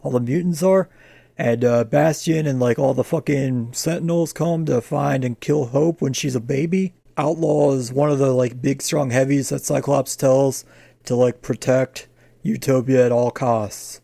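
Gravelly, ranting man with a low, dark voice. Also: unhurried, dry recording. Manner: ranting, exasperated, heavy swearing. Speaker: comic review podcast co-host. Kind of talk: casual profane chat.

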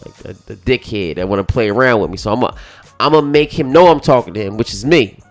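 Profane, animated man telling a story. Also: medium pitch, fast talker, faint music behind. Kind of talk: casual chat.

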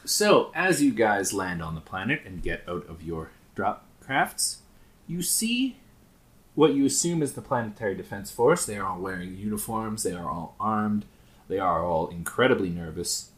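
A man's voice: fairly low pitch, sing-song, normal speed, a bit bright. A man narrating as game master of a sci-fi tabletop game, casual and swearing freely, often laughing.

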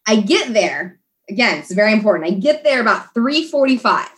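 A woman telling a story in a chatty, animated way, as a guest in a conversation. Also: medium pitch, a little fast. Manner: animated, chatty, many fillers. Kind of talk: casual storytelling.

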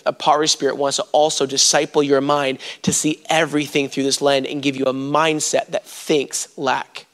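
A man's voice: a little high, a bit bright. A man preaching a sermon, telling stories and talking straight to the congregation. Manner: storytelling, addresses the congregation directly.

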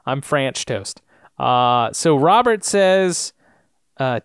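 A man's voice: medium pitch, slow, clear, resonant tone, no echo, studio quality. A man co-hosting a podcast, retelling a TV episode in casual chat and acting out the lines in funny voices. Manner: lively storytelling, acts out lines in funny voices. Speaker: podcast co-host.

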